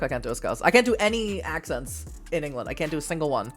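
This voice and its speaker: A woman from Massachusetts reads a text game aloud for her stream. She breaks off into giggly, self-deprecating asides to her chat. Her voice is low-set and swings widely in pitch. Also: expressive, racing, hardly any pauses, soft background music. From Massachusetts, USA. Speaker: streamer reading an interactive novel.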